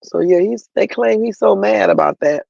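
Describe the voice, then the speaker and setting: A man's voice: high-pitched, normal speed, gravelly, darkish tone, no echo, lo-fi sound. A man hosting a livestream, giving chatty, opinionated commentary on the news and talking straight to his viewers. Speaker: livestream host.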